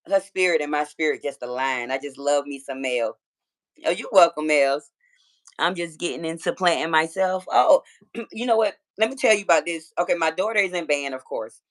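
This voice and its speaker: A woman in her thirties from Georgia with a Southern accent, chatting casually and profanely with viewers on a phone livestream. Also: low-pitched. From Georgia, USA. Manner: chatty, profane, talks straight to her chat. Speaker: livestream host.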